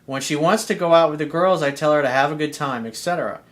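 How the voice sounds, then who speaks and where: A man's voice: on the high side, quick pace, a bit bright. A man, a dating coach, answering listener emails with blunt, conversational advice, slang and swearing.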